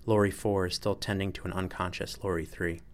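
A man with a very low voice narrates a story in an even, measured way. His reading is steady and unhurried. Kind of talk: audiobook narration.

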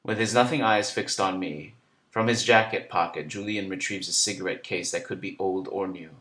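A man narrating a first-person literary story in a measured, introspective way. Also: low voice, steady tone, fairly bright tone.

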